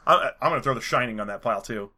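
Dude cohosting a podcast, super bright voice, crude jokey chat. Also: male voice, medium pitch, racing. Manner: crude, joking, opinionated. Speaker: podcast co-host. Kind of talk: casual chat.

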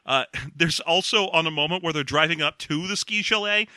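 A man's voice: on the high side, a little fast, sharp tone, dry recording. A man co-hosting a casual comedy chat about a film, sarcastic and given to acting out silly character voices. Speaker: podcast co-host reviewing a film.

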